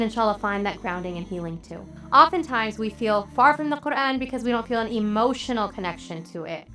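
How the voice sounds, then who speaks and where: A woman religious teacher telling a story in a sermon, earnest and measured, with dramatic pauses. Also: on the high side, fairly bright tone.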